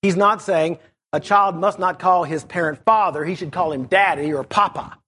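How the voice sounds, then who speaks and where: A middle-aged man preaching in a measured, explanatory way, leaning on key words as he teaches through a Bible passage. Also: high voice, bright, forceful tone, a little hiss or hum.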